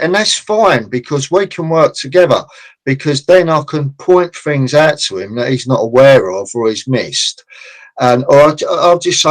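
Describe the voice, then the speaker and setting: A man's voice: medium pitch, rough recording. Guy chatting on a podcast, acts out little site chats, ordinary mid voice. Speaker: construction consultant guest. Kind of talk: casual podcast chat.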